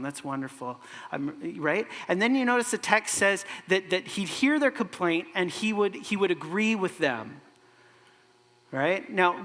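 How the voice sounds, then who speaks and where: A pastor delivers a sermon in a church sanctuary, talking in a conversational, animated way with asides to the room. His voice is bright and forceful, and it carries a long hall echo. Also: high-pitched.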